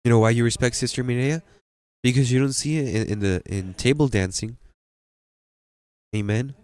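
A man's voice: medium pitch, normal speed, darkish tone, dry recording. A man preaching a sermon as pastor, emphatic and questioning his congregation.

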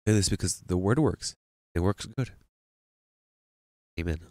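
A man's voice: low voice, unhurried, mellow, no room sound. A man preaching a sermon as pastor, emphatic and questioning his congregation.

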